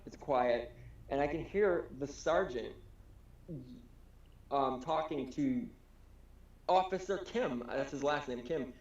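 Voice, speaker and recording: A man's voice: fairly high pitch, takes it slowly, long pauses. A man from Wisconsin telling a rambling story in a casual podcast chat, swearing freely and acting out the people he quotes. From Wisconsin, USA. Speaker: podcast co-host. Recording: roomy, slightly dull home recording.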